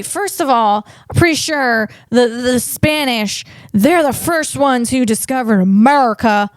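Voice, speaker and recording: Woman comedian host, higher voice, rambling casual chat, dry close mic. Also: measured pace, few pauses, no echo. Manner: rambling and digressive, lots of restarts.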